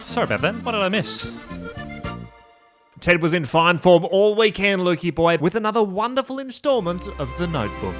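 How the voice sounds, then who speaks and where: A male presenter who teases his co-host and laughs often on a comic sports show. His voice sits high and sounds bright, with faint music behind. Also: lively intonation, moderate pace. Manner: teasing, playful, laughs often.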